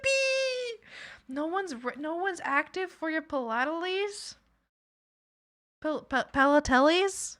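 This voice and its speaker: A woman's voice: high voice, a bit bright, no echo, studio quality. A young adult woman chatting casually on a livestream while she draws. She is giggly and emotional, laughs often, and trails off and restarts her sentences. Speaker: art streamer.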